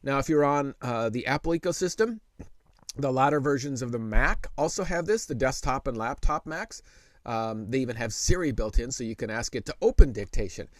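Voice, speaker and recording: A middle-aged man walks viewers through a tech tip in a relaxed, conversational way, with plenty of fillers and restarts. His voice sits at an ordinary middle pitch. The recording is dry and close, with no room sound. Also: no room sound. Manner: slows to speak very deliberately when dictating. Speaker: tech tutor host. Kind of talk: casual tech tutorial.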